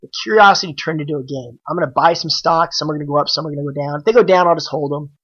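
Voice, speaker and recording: A man, a podcast guest and trader, telling the story of how he started out in a casual, animated way and acting out the dialogue he quotes. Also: fairly high pitch, very fast, muffled recording.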